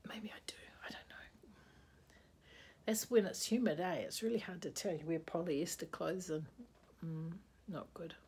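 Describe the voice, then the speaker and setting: A woman's voice: on the low side, normal speed, a little mellow, husky. A woman vlogging casually indoors, rambling and chatty, sleepy and yawning. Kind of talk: casual video-reply vlog. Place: indoors, bedroom with a bedspread.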